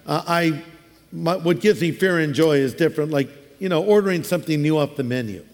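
A high-voiced man preaching a sermon, telling stories casually and dropping in playful jokes. His words ring out with a long reverb, as in a big church hall. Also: brisk. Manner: conversational storytelling with humorous asides. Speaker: pastor.

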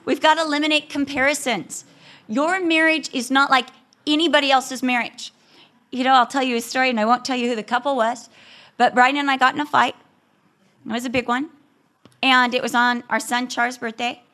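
A woman's voice: high voice, a little fast. A woman speaking to a women's audience about marriage, telling a funny personal story and acting out the quoted lines. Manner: animated, humorous, acts out quotes.

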